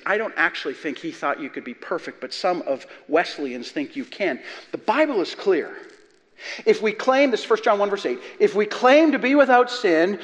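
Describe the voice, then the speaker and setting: A man's voice: on the high side, a bit bright. A man preaching a sermon as pastor, emphatic and building to passionate peaks. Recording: long reverb of a large hall.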